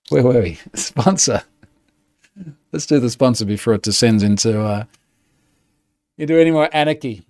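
A man's voice: mid-range voice, unhurried, long pauses, darkish tone, dry recording, studio quality. A man, hosting a weekly show in a chatty, amused way and laughing often. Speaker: podcast host. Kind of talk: casual solo show talk.

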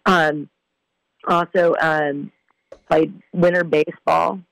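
A woman from San Diego, a former softball player, answering interview questions in a measured, slightly hesitant way. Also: sits low, steady tone, creaky, dry recording, low-quality recording. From San Diego, California. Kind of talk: casual conversational interview.

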